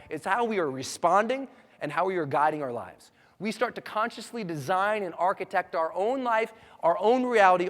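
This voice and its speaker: A man with a high, swooping voice delivers a motivational seminar talk to a large audience. He tells his stories with energy and punchy emphasis. His voice rings with long reverb from the hall. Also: a bit bright. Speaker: motivational speaker.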